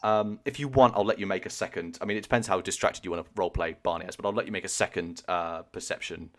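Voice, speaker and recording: A man running a tabletop game as game master, narrating in a halting way full of fillers over a video call. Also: low-pitched, fairly bright tone.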